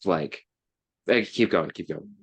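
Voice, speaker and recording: A man playing in a tabletop game, talking casually, excited and stumbling over his words. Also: sits low, vocal fry, breathy edge, no echo. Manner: excited, quick, stammering. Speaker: player.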